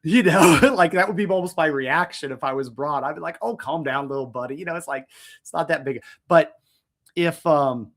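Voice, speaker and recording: A man's voice: fairly high pitch, moderate pace, fairly bright tone. A man co-hosting a wrestling podcast in casual chat, rambling and restarting his sentences, chuckling as he goes. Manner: rambling, self-interrupting, chuckles. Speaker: podcast co-host.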